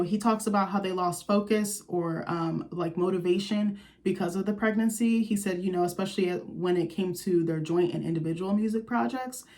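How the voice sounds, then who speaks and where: Chatty lower-voiced woman vlogger. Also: a little mellow. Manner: candid, chatty, with many fillers. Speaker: TV recap vlogger. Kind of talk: casual opinionated recap.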